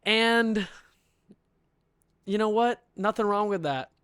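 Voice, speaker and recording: A man's voice: sits high, takes it slowly, fairly bright tone, clean tone, no echo, studio quality. A man telling an indignant story on a podcast, building up with bursts of laughter. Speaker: podcast guest. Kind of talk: animated storytelling rant.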